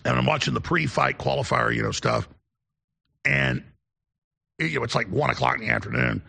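Gravelly, husky-voiced male host. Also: medium pitch, normal speed, bright, forceful tone. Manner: rambling, digressive anecdotes. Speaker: show host. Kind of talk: casual on-air storytelling.

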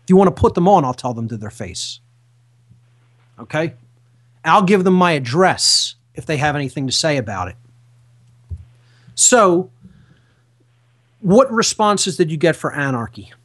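Male talk radio host, fairly high voice, emphatic and preachy, hammers points home by repetition. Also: big pitch swings, measured pace, pauses often, a bit bright. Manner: emphatic, repeats key phrases, lecturing. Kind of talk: impassioned talk radio monologue.

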